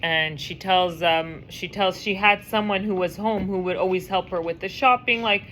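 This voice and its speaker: A woman teaching a class, telling a story in a lively, chatty way and acting out the voices. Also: on the low side, moderate pace, slight background noise. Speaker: teacher leading a women's class. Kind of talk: casual storytelling lesson.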